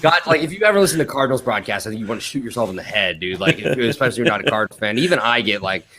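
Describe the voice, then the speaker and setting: A man's voice: mid-range voice, animated, very fast, crowd noise. A man guesting on a podcast, rambling through profane sports talk and laughing often. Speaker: podcast guest and host of another podcast. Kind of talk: casual podcast chat.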